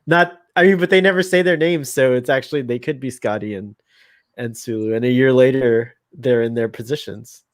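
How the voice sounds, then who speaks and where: Man, casual co-host, mid pitch, laughs a lot, rambles, dry close mic. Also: a little fast, no room sound. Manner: chatty, laughs often, rambling asides. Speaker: podcast co-host. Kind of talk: casual fan commentary.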